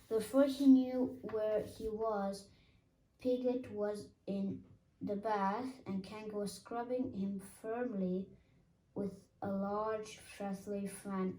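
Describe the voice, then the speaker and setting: A woman reading a children's storybook aloud, careful and halting, now and then stumbling and restarting a word. Her voice is mellow and soft-edged. She sits a little back from the mic in an echoey room at home. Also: medium pitch, fairly even intonation, recorded from a distance. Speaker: reader.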